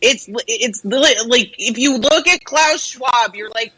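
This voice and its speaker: A woman's voice: fairly high pitch, takes it slowly, few pauses, pushed and bright, breathy edge, low-quality recording. A woman co-hosting a radio show in casual chat, opinionated and ranting, swearing freely. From United States. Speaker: radio co-host.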